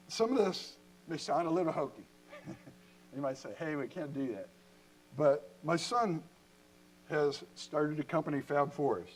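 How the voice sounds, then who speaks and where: Brief: male speaker, co-founder at a lectern, lively anecdotes, slightly high voice, faint hum behind. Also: low-quality recording. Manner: animated, jokey storytelling with laughs. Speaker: company co-founder giving a talk. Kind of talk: storytelling talk to an audience. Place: lecture hall at a university event.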